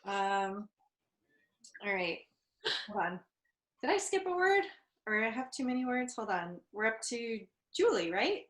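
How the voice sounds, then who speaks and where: A woman's voice: on the high side, big pitch swings, a little slow, long pauses, roomy sound. A woman hosting a casual online spelling bee, rambling and giggling between words. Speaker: quiz host.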